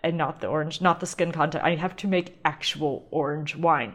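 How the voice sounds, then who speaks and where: With a low-pitched voice at a moderate pace, a podcast host talks alone on her casual show. She's chatty and meandering, often breaking off mid-thought to restart, and peppers it with ums and laughs.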